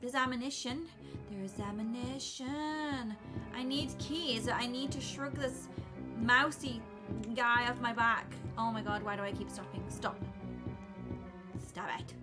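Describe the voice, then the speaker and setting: A young woman giving flustered, excitable commentary while playing a game, often breaking into screams. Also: on the high side, a little slow, music in the background. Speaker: gaming YouTuber. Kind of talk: let's play commentary.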